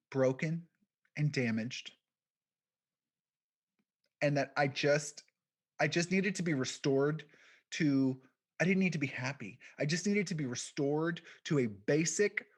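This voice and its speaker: A man giving a keynote, telling a personal story in a quiet, reflective way with deliberate pauses. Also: fairly high pitch. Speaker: keynote speaker, podcast founder.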